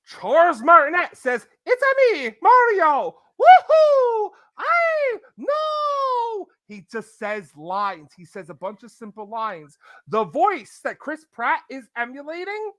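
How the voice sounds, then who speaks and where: A man's voice: extremely high pitch, sing-song, unhurried, bright, forceful tone, dry recording, studio quality. A man hosting a podcast, ranting in casual, opinionated chat and breaking into impressions.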